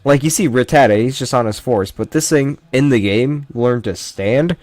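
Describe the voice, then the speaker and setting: A man's voice: medium pitch, moderate pace, darkish tone, no echo. A man giving casual, jokey commentary while ranking game characters, often trailing off mid-sentence. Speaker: YouTuber ranking Pokémon.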